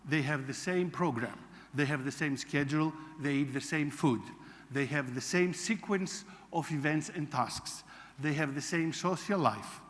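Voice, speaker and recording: A man from Greece, a psychology lecturer giving an animated conference talk and acting out quotes. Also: fairly high pitch. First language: Greek. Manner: animated storytelling, acts out quotes. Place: large conference hall. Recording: reverberant hall.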